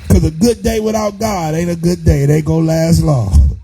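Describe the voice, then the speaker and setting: A pastor preaches in a rising, sing-song cadence, his voice set high for a man yet mellow and warm. He talks in plain, colloquial turns and chuckles between his points. Faint hip hop music plays under him. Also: normal speed, vocal fry, slightly rough, low-quality recording. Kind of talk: sermon.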